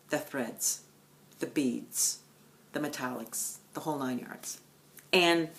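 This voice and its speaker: A woman vlogging at home about her stitching, telling stories with loud bursts and hushed asides. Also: very deep voice. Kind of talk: casual chat.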